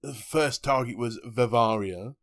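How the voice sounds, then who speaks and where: A man's voice: medium pitch, measured pace, a bit bright. A man co-hosting a casual gaming podcast, jokey and laughing often. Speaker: podcast co-host.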